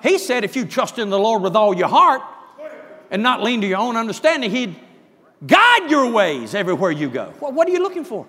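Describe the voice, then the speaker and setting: A man preaching a sermon, emphatic, dropping to hushed asides and rising to shouts. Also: sits high, big pitch swings, brisk, long reverb tail.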